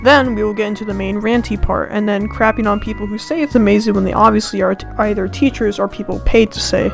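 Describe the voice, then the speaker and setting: A sarcastic American student woman rants on her channel with a gravelly, fry-laden voice. Her complaints are deliberately overblown and mocking. Faint music plays behind her. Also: mid-range voice, steady tone, rough recording. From United States. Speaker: channel host. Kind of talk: comedic rant to camera.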